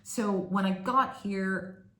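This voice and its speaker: A woman's voice: mid-range voice, takes it slowly, bright, forceful tone. A woman from Canada, telling her story candidly in a chatty, casual vlog. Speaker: vlogger. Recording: echoey room.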